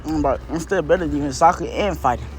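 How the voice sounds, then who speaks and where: A man with a high voice jumps in with fast, boastful jabs and teasing. He talks in loose, joking banter, with faint noise behind him. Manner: quick teasing interjections, boastful. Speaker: co-host. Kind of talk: casual banter.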